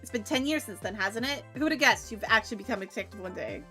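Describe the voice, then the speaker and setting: A woman voicing a middle-aged male detective in a video game, low, quiet and fatherly. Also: lively intonation, quick pace, soft background music. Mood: fond.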